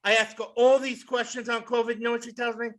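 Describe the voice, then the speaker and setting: A man in his sixties doing a stand-up comedy set in a club, with a loud, punchy delivery, swearing and shouting his punchlines. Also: very high-pitched, little pitch movement, quick pace. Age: 60s.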